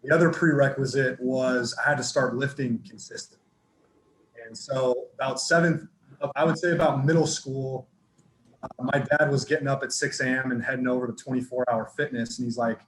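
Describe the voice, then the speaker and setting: A man's voice: medium pitch, moderate pace, slight background noise. Laid-back man in an echoey room. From Northern California. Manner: relaxed and rambling, frequent fillers and restarts. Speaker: football strength coach, podcast guest. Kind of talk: casual podcast interview storytelling. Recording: echoey room with faint ambience.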